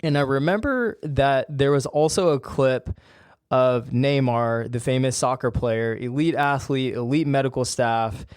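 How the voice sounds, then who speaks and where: A man's voice: mid-range voice, measured pace, darkish tone, clean tone, no room sound, clean studio sound. A man hosting a podcast, talking in an emphatic, fired-up, plain-spoken way. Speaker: podcast host and ACL rehab coach. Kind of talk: casual solo podcast talk.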